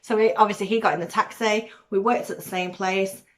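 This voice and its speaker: A woman from Manchester with a softened Mancunian accent, chatting casually to camera as a vlogger, rambling with ums and laughs. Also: mid-range voice, fairly even intonation, a little fast. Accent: weakened Mancunian, softened by years in Cornwall. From Manchester, England.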